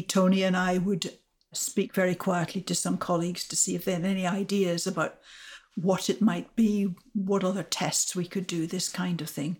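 An older woman, an astrophysicist guest, recounting her discovery in a measured, explanatory way. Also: on the low side, a little mellow. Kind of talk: storytelling interview answers.

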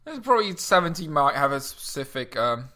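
A man's voice: on the high side, very animated, brisk, sharp tone. A man, a podcast guest, chatting in an easygoing way and often restarting his sentences. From France. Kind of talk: casual chat.

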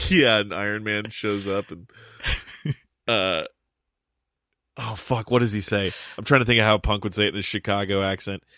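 A man co-hosting a podcast in loose, casual chat. His voice sits a bit low but sounds bright and forceful. He leans hard on his points and swears freely. The sound is close and dry, with no room around it. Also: normal speed, pauses often, dry recording. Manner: emphatic, swears freely, long explanations. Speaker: podcast co-host explaining pro wrestling.

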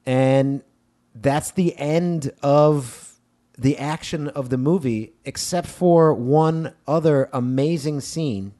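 A man co-hosting a casual movie podcast, talking in a joking, animated way. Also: on the high side, slow. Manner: joking, animated, reads text with mock gravitas. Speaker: podcast co-host.

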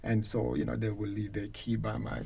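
A man from Jamaica with a Jamaican accent, a reggae concert promoter telling stories as a guest, lively and emphatic. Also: on the low side, moderate pace, gravelly, slight background noise. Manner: lively storyteller who grows loud and emphatic. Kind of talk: animated storytelling in a conversation.

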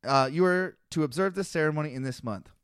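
Brief: male podcast host, high smooth voice, dry close mic, reads verses then cracks jokes. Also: fast talker, a bit bright, no room sound. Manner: reads scripture aloud then riffs, laughs often. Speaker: podcast host reading the Bible. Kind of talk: casual comedic chat.

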